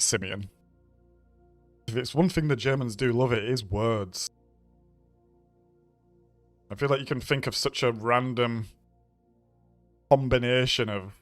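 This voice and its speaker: A man's voice: mid-range voice, dry recording. A young man from Bradford, chatting casually and rambling as he streams a racing game, laughing often. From Bradford, England. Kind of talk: casual live-stream chat.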